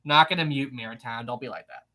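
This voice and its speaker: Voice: medium pitch, fast talker, pushed and bright. A live-stream trivia host who reads out viewers' answers in casual chat, upbeat, laughing often and repeating praise and questions.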